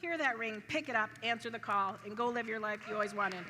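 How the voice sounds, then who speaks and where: At a live event in a large hall, a woman tells the audience a funny personal story, laughing often along the way. Her voice is a little high and her pace fairly quick, with a chatty manner. The recording is reverberant, with faint background noise.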